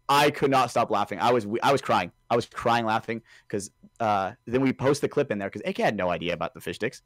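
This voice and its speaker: A man co-hosting a podcast, telling a story in an animated way, swearing freely and saying dude a lot. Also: mid-range voice, fairly quick, hardly any pauses, no room sound. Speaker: podcast co-host.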